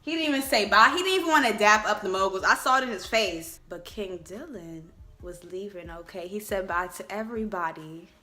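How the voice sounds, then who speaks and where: A young woman vlogging casually to camera, chatty and expressive, talking straight to her viewers. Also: mid-range voice, brisk, few pauses, soft background music. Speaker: vlogger reviewing a reality show.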